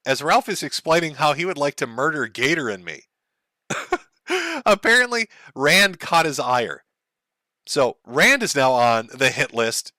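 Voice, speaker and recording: A man hosts a commentary show and mocks each clip with sarcasm and bursts of laughter. His bright, slightly high voice moves up and down a lot. The recording is close and dry. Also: no echo. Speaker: commentary host. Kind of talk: mocking commentary on clips.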